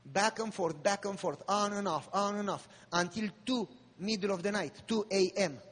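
A man preaching a sermon, telling a personal story with drama and rising to fervent appeals in a husky voice. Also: high-pitched, moderate pace, a bit bright. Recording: long reverb of a large hall.

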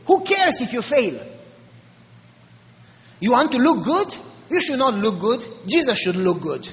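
A man with a Romanian accent, a pastor preaching an animated storytelling sermon with mimicked voices. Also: very high-pitched, a little slow, in a large hall, low-quality recording.

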